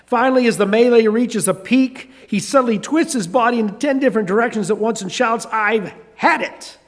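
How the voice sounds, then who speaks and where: A man's voice: extremely high pitch, brisk, in a large hall. An older man preaching a sermon, telling a story with conversational asides. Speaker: pastor.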